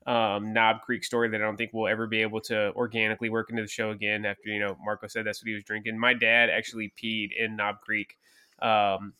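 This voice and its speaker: Man, podcast co-host, quick speech, clear and bright tone, laid-back, casual. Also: fairly low pitch, completely flat delivery. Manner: laid-back, says "dude" and "like" a lot. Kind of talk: casual chat.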